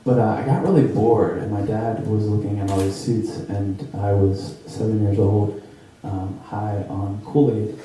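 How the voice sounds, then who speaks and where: A young man telling a comedic true story at an improv show, rambling with lots of fillers and jumping into high squeaky voices for the people in it. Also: fairly even intonation, measured pace, hardly any pauses, mellow. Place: theater stage. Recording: roomy, distant live stage recording.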